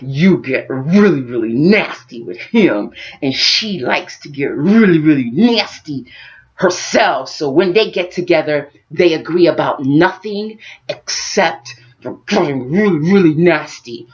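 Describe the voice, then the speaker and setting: A woman vlogger with a deep voice tells a story in an animated monologue, offering spiritual life advice and speaking directly to her viewers. She is expressive and talks a little slowly, and the sound is lo-fi.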